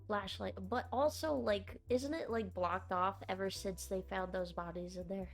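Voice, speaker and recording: A woman's voice: medium pitch, normal speed, faint music behind. A woman playing a tabletop game, talking casually in character and hedging with many fillers. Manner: hesitant, full of fillers. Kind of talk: casual in-character role-play.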